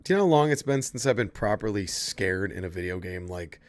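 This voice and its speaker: A man's voice: lowish voice, animated, fairly quick. A man casually chatting to his viewers while playing a horror game, swearing freely and answering chat. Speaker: streamer. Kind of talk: casual gameplay commentary.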